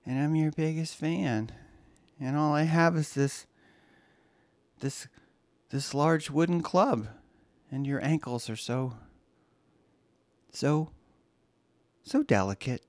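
A man voicing an obsessive, creepy female superfan who speaks in a slow, teasing, menacing way. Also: fairly high pitch, darkish tone, no room sound, pitched above the performer's own voice.

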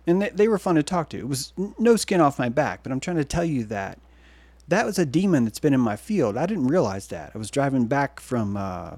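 Rambling, excitable male livestream host. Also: medium pitch, dry recording. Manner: meandering, excitable, swings between loud bursts and hushed asides.

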